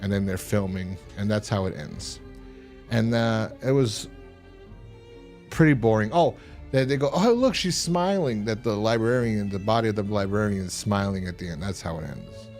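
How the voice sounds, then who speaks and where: A man co-hosting a podcast, casually recapping a horror episode with lots of restarts and sudden loud mock voices. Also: fairly low pitch, moderate pace, soft background music. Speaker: podcast co-host.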